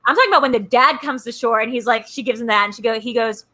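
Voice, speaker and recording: A woman co-hosting a casual movie chat, animated and acting out lines in exaggerated voices. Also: a little high, fast talker. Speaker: co-host.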